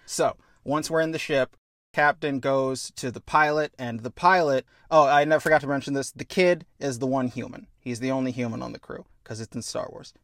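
Animated man pitching a story. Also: dry recording, clean studio sound. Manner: animated, acts out scenes in quick voices. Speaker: podcast host. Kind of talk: casual pitch of a story idea.

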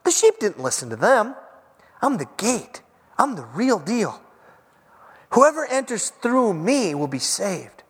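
Guy preaching a sermon, lively and kinda high, chatty, big echo in the church. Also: husky. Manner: animated, conversational, acts out quotes. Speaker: pastor. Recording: long church-hall reverb.

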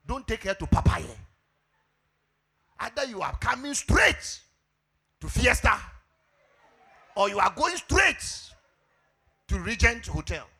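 A high-pitched Ghanaian pastor preaching with wide, swooping intonation and bursts of shouting. His voice is husky and bright, with a gravelly edge. He tells his sermon as an animated story. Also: slow, long pauses.

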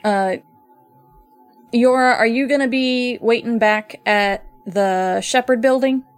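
A woman's voice: fairly high pitch, slow, faint music behind. A woman voicing a friendly human man who guides tours, with a folksy Southern US accent, in a tabletop game. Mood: welcoming.

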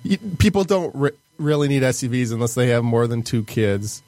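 Earnest man pitching an idea, dry sound. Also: animated, a little fast, darkish tone, no room sound. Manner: earnest, explains at length with restarts. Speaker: podcast co-host pitching an idea. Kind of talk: casual podcast banter.

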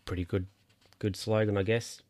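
A man's voice: lowish voice, level tone, moderate pace, a little mellow, dry recording, studio quality. A man reading a children's picture book aloud, breaking off for wry, amused asides. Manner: amused, ad-libbing wry comments. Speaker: reader.

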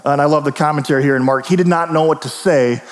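A man preaching a sermon as pastor, casual and storytelling, tossing in quick asides and questions to the listeners. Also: fairly high pitch. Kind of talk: conversational sermon. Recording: long reverb of a large hall.

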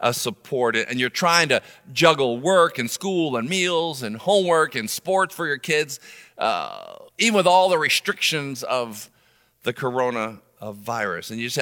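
Animated male preacher in a reverberant hall. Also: unhurried. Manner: animated, swings between loud emphasis and soft low asides. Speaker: pastor. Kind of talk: sermon. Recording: long reverb of a large room.

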